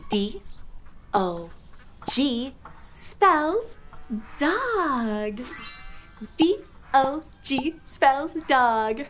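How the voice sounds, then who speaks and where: A young woman hosting a children's show, teaching toddlers in an animated, exaggerated, sing-song way. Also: fairly high pitch.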